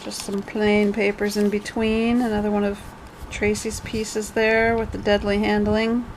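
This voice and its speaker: A woman's voice: mid-range voice, monotone, a little slow, slight background noise, rough recording. Chatty woman showing off a handmade journal. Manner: chatty, rambling, with jokey asides. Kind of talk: casual show-and-tell.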